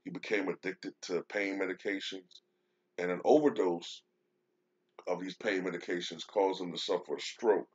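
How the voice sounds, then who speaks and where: A man with a very low voice talks casually on his show, pausing often with fillers and restarting his sentences. At times he reads an article aloud. The recording is dull and lo-fi. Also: fairly even intonation, slightly rough. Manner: hesitant, many fillers and restarts. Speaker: show host. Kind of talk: casual commentary, reading a news article aloud. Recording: dull lo-fi sound.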